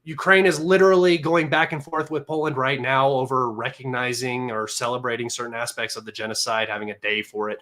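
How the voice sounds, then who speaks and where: A man hosting a livestream, talking in a mocking, sarcastic and combative way, excitable and a little manic. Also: mid-range voice, a little fast, few pauses. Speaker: livestream host. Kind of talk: casual livestream commentary.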